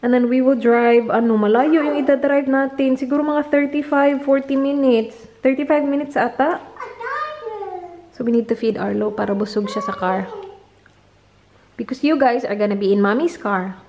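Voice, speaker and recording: A woman's voice: high voice, fairly even intonation, normal speed, darkish tone, dull audio, slight background noise. A woman in her thirties with a Filipino accent, vlogging casually with her small children at home and in the car, slipping into sing-song baby talk. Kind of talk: casual family vlog, mixing Tagalog and English.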